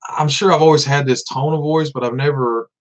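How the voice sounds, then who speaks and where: A thirties-aged Southern vlogger from Tennessee chats casually on a livestream, laid-back and laughing often, repeating words as he goes. His voice sits a little high, with fairly even intonation and a brisk pace. The recording has a dull, lo-fi sound.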